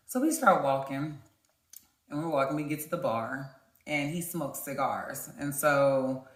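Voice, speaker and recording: A woman vlogger telling a dating story in an animated way, talking straight to her viewers. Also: a bass voice, unhurried. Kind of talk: storytime vlog. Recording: roomy echo.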